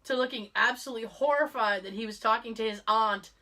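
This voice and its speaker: Lively, bright-voiced woman podcast host. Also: on the high side, fast. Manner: animated, acts out quoted voices. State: coughing from a lingering illness. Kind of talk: casual storytelling chat.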